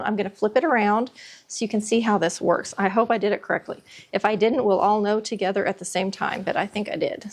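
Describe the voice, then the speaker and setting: A woman hosting a casual sewing tutorial from her home sewing room, chatty and self-deprecating, with plenty of fillers. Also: medium pitch. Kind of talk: casual step-by-step sewing demonstration.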